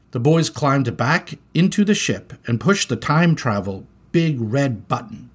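Animated, husky-voiced male storyteller. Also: mid-range voice, a little slow, hardly any pauses. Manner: expressive, animated. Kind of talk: storybook read-aloud.

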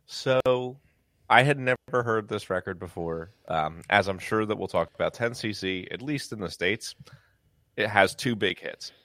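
A man with a very low voice co-hosts a music podcast, talking in a relaxed way with dry humor. The recording is dry and close, with no room sound. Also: normal speed, no room sound. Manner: laid-back, dry humor. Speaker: podcast co-host. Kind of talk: casual podcast chat.

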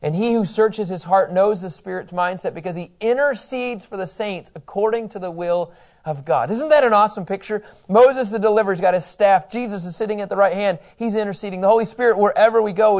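A man's voice: high voice, brisk, a little mellow. A middle-aged man teaching a Bible class in a conversational way, reading scripture aloud and asking his listeners questions.

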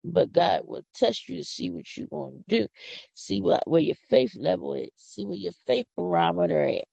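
Gravelly Philly woman, excitable chat. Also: on the low side, moderate pace, no echo. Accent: Philadelphia. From Philadelphia. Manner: chatty, preachy, excitable with sudden whoops. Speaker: podcast host. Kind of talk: casual monologue. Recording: dull lo-fi audio.

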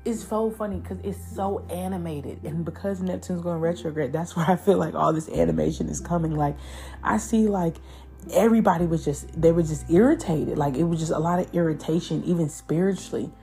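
A woman with a low, mellow voice gives a loose, profane tarot reading. She talks in an animated way and keeps slipping into the voices of spirits. Soft music plays faintly behind her. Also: fairly quick, creaky. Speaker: tarot reader.

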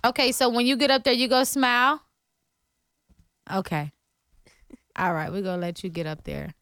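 High, bright-voiced woman podcast host. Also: lively intonation, moderate pace. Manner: laughs often, teasing and motherly with kids. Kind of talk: casual podcast chat. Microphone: studio microphone with headphones.

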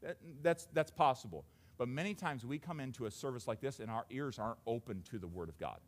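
A man, a father of young children, preaching a sermon in a conversational way, often repeating words and swinging between hushed and raised delivery. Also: mid-range voice, expressive, brisk.

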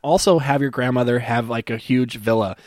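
A man's voice: medium pitch, fairly even intonation, brisk, a little mellow, no echo. Male comic reviewer, sarcastic and crude, dry unroomy voice. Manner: sarcastic, profane, mocking. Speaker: movie reviewer. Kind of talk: comedic movie rant.

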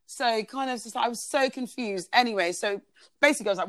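A woman's voice: on the high side, a little fast, fairly bright tone, no room sound. A woman, a podcast guest telling a personal story in a chatty way, full of "like" and "basically".

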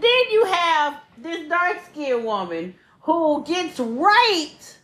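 A woman's voice: extremely high pitch, drawn-out words. A young woman co-hosting a podcast, chatting casually with lots of swearing and laughter. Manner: animated, profane, laughs often. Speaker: podcast co-host. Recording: echoey room.

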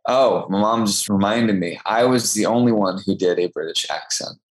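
A young actor from Texas, appearing as a guest in a casual interview, tells stories in a chatty, self-deprecating way. His voice is fairly low and his speed normal, though the recording is rough.

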